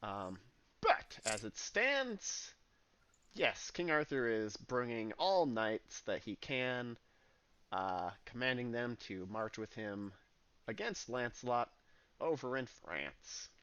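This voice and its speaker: A man's voice: mid-range voice, takes it slowly, smooth. A man running a tabletop game, his voice rising and falling a lot as he narrates. He talks in a loose, rambling way, full of fillers. The sound is dull and lo-fi. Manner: relaxed, rambling, with frequent fillers. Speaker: game master.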